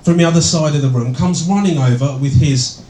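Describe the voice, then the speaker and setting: A man doing a stand-up comedy set, deadpan and sardonic, with plenty of swearing. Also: fairly high pitch, brisk, over a noisy crowd. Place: small comedy venue, indoors, with audience. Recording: echoey room, distant, loud noise. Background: audience laughter.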